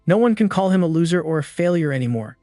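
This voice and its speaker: A man voicing a loyal, warm-hearted teenage boy who speaks sincerely and gently, in a comic recap. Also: on the high side, expressive, quick pace, no room sound, lightly acted. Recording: dry close voice over music.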